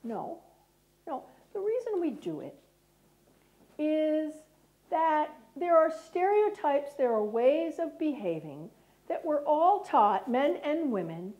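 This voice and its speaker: A woman's voice: high voice, sing-song, slow pace, warm tone, muffled recording. A middle-aged American woman giving a lecture, often checking in with the audience by asking "right?". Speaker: speaker. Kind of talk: lecture talk.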